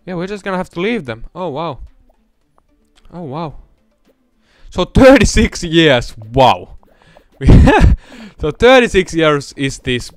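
A young man giving casual let's-play commentary, rambling between mumbled asides and loud excited outbursts. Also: a little high, slow pace, no room sound, soft background music.

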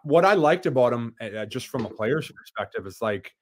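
A man's voice: mid-range voice, animated, a little fast, slight background noise. A man as a podcast guest, telling stories in casual chat with frequent restarts and fillers. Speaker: podcast guest, former hockey player.

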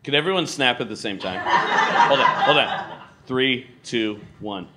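A man doing live stand-up in a large comedy club, animated and loud, swearing and riffing with the audience. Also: mid-range voice, a little slow. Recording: live club with crowd noise.

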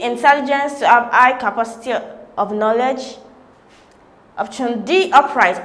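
High-voiced woman tutor, echoey room. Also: fairly bright tone. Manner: methodical, reads options one by one. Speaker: exam tutor. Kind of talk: explaining exam questions.

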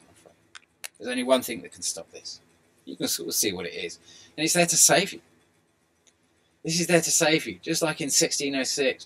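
A middle-aged man with an excitable, rambling delivery, talking to his video subscribers. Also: mid-range voice. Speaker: video blogger. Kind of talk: rambling monologue.

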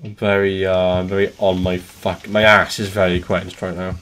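A man doing let's play commentary on a horror game, excitable and jumpy, swearing often. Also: sits low, moderate pace. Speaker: gaming streamer.

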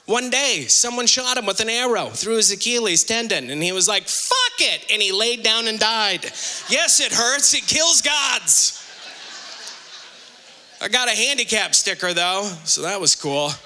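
A middle-aged male stand-up comedian working a theater crowd with a bright, piercing voice pitched high for a man. He tells his stories loudly and animatedly, jumping into shouted punchlines. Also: unhurried. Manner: loud animated storytelling with sudden shouted punchlines. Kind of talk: live stand-up set. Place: theater stage with audience. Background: audience laughter.

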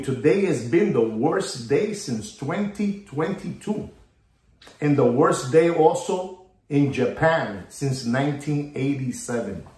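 A man ranting theatrically about the watch market, repeating himself and swinging between loud bursts and low mutters. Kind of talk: hyped market rant to camera. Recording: roomy echo.

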